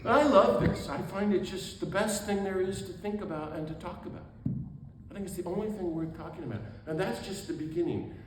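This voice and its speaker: A man giving an animated talk as a priest, exuberant, with quick asides and laughter at himself. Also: high-pitched, recorded from a distance. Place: event hall. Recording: echoey room with faint background noise.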